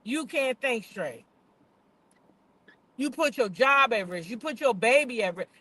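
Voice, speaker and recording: A woman's voice: on the high side, animated, a little slow, fairly bright tone, no echo. An older woman hosting a casual gossip livestream, chatty and blunt, swearing freely, repeating points for emphasis and talking straight to her viewers. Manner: talks directly to live chat viewers. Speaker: gossip show host.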